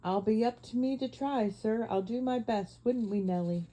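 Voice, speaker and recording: Humble Cockney cab driver, deferential, homely, darkly mellow , read by a woman. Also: on the high side, normal speed, close to an everyday voice, low-quality recording. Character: humble working-class London cab driver, male.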